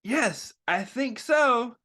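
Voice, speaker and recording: A man reading aloud and voicing a young boy with one leg in a picture book, in a slightly higher, brighter storybook voice. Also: lively intonation, very slow, exaggerated voice. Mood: matter-of-fact.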